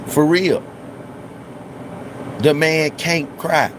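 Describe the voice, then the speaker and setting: A man talks slowly through casual livestream commentary at a mid pitch. He drawls, then acts out what other people said in higher, louder voices. A faint hum of air conditioning and outdoor traffic runs behind him. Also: low-quality recording. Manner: slow, drawling, acts out quotes in raised voices.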